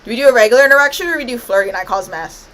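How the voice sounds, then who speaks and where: A woman's voice: a little high, expressive, very fast, a bit bright, rough recording. A woman streaming a life-sim game, commenting playfully and bossing her characters around. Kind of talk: live gameplay commentary.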